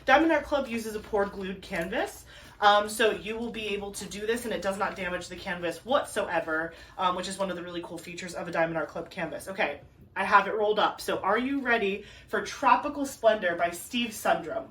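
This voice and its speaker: A woman's voice: mid-range voice, fairly quick. Gushing woman vlogger, slightly distant mic. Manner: gushing, excitable, chatty with many fillers. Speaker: crafting vlogger. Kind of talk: casual unboxing chat to camera. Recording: a bit distant from the mic, faint ambient noise.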